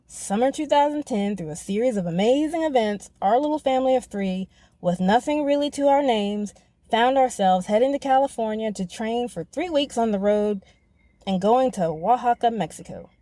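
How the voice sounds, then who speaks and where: A woman hosting a podcast, reading a scripted personal narration in a reflective, measured way. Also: fairly high pitch, mellow, dry recording. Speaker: podcast host.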